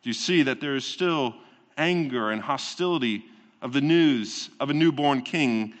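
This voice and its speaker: A pastor delivering a sermon in a deliberate, emphatic way, repeating phrases and asking rhetorical questions. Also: male voice, mid-range voice. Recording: long reverb of a large hall.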